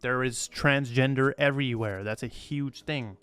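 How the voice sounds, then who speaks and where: A man's voice: medium pitch, normal speed, a bit bright, clear, resonant tone. A man hosting a crypto channel, talking casually and emphatically, rambling and repeating himself, blunt and swearing freely. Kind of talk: casual commentary to camera.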